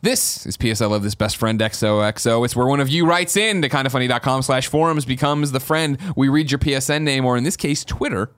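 Guy cohosting a podcast, lively, swears a lot, dry close mic. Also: medium pitch, fairly quick, few pauses, clean tone, no room sound. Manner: animated, swears casually. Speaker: podcast co-host. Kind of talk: casual chat.

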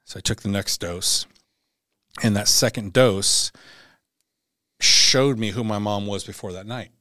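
Blunt low-voiced man telling a story. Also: measured pace, pushed and bright, dry recording, studio quality. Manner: blunt and profane, acts out quoted dialogue. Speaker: podcast guest, former Navy SEAL. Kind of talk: candid personal storytelling.

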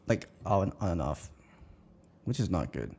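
A man co-hosting a podcast in casual chat, joking and mostly agreeing in quick back-and-forth. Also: low voice, sing-song, vocal fry, dark tone, slight background noise. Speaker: podcast co-host.

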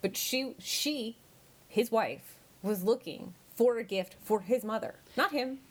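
A woman's voice: on the high side, lively intonation, measured pace. A married woman co-hosting a casual podcast chat, rambling with lots of fillers. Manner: chatty, many fillers like "like". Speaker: podcast co-host.

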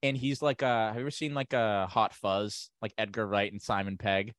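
A man's voice: lowish voice, normal speed, no echo, studio quality. A man co-hosting a podcast, riffing loosely and slipping into silly voices. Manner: riffing, animated, slips into voices. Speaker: podcast co-host. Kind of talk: casual banter.

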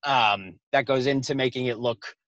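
A man's voice: medium pitch, fairly even intonation, moderate pace, fairly bright tone, no room sound. A man, chatting casually as a comedian guest and rambling with lots of "like" and swearing. His voice sounds dull and lo-fi in a dry, dead space. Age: 20s. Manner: thick accent, swears a lot, rambling with many "like"s. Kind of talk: casual podcast chat.

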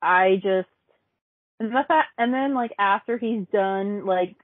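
A woman's voice: medium pitch, takes it slowly, dry recording. A woman in casual chat about a cartoon, rambling along with lots of fillers. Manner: chatty, rambling with many fillers like "like". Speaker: podcast co-host. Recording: tinny phone-like line.

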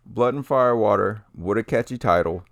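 A man co-hosts a podcast in a low, gravelly voice. He keeps it loose, swears casually and often trails off and restarts mid-thought. The sound is dry and close. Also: a little fast, no room sound. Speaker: podcast co-host.

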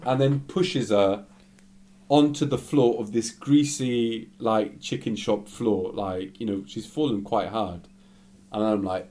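Low-voiced man, animated casual storyteller. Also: unhurried. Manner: animated, full of "like" fillers.

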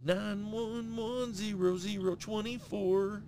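A man's voice: high-pitched, steady tone, slow, dark tone, slight background noise. A middle-aged man co-hosting a podcast, telling a story in casual chat with heavy swearing. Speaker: podcast co-host.

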